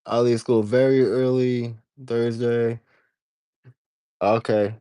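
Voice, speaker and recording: A man's voice: mid-range voice, flat delivery, slow pace, mellow, clean tone, dry recording. A man hosting a casual livestream, rambling in stops and restarts as he talks to his viewers. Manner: rambling, stop-start, reading out chat comments. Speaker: livestream host.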